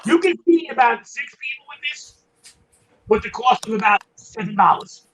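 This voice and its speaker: A man's voice: extremely high pitch, animated, moderate pace, fairly bright tone, breathy edge, rough recording. A man, a guest chef on a video call, talking in an earnest, persuasive way and often repeating himself. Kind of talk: casual chat on a video call.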